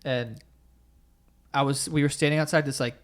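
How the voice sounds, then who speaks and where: A young male podcast host with a mid-range voice chats casually at a normal pace. He tells his stories with real animation, acting out the quotes of the people in them.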